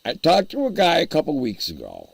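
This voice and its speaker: A man's voice: on the high side, huge pitch swings, brisk, creaky, no room sound. A man hosting a casual livestream, rambling and chuckling as he answers his chat while eating. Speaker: livestream host.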